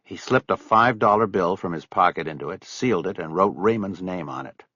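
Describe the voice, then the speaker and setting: A man reading an audiobook as narrator in an expressive storytelling way. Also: deep voice, brisk, no echo, dull audio. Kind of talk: scripted narration.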